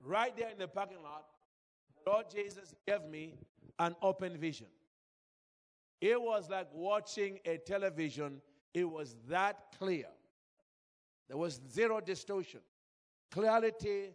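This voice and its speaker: High-voiced man preaching in a reverberant hall. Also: measured pace, long pauses. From Zambia. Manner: emotional storytelling, calls out to congregation. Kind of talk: sermon.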